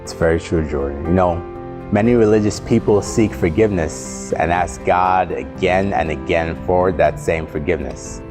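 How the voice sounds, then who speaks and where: Deep-voiced man over background music. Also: normal speed. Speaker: program co-host. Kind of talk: scripted reflection after a sermon.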